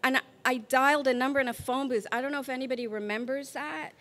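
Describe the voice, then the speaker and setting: A woman's voice: high voice, fast. A middle-aged woman telling a comic story on stage, acting out the people in it. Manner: animated, acts out the people in her story.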